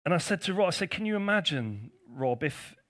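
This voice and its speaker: A man's voice: fairly high pitch, big pitch swings, fairly quick, a bit bright. A male pastor preaching a conversational sermon, with jokey asides to his congregation.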